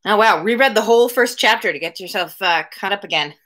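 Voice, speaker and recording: A woman's voice: mid-range voice, animated, a little fast, a bit bright. Woman reading a novel aloud on a livestream. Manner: chatty asides to viewers between passages. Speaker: reader of a daily livestreamed book reading. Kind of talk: read-aloud livestream narration. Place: home room with window blinds.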